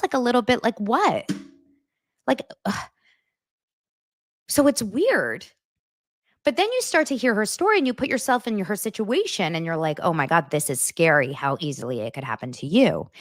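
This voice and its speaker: A woman hosting a casual commentary show, talking in an animated, rambling way full of asides and the odd swear word. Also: mid-range voice, no echo, clean studio sound. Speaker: host.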